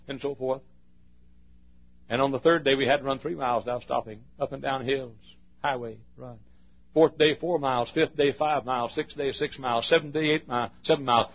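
Intense gravelly preacher man. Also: medium pitch, highs cut off. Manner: intense, swinging from shouts to hushed tones. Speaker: pastor. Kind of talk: sermon.

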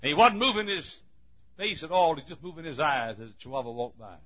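A man preaching a sermon, telling a folksy story and building to emphatic, forceful points. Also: a little high, sing-song, fast talker, highs cut off.

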